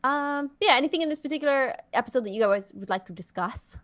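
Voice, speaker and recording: Chatty jokey woman hosting a podcast, kinda high voice, bouncy up and down. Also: animated, quick pace, a bit bright. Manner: chatty, jokey, laughs often. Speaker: podcast host. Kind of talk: casual podcast chat.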